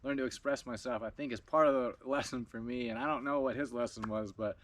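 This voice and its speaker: A man telling a story in a casual video log, animated, laughing often and swearing freely. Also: medium pitch, quick pace, no room sound. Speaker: video blogger.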